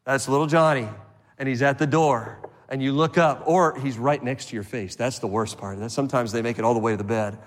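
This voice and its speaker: A man's voice: medium pitch, brisk. Preaching man in a reverberant church. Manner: animated preaching with acted-out voices. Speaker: pastor. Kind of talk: sermon. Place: church sanctuary. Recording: long reverb of a church hall.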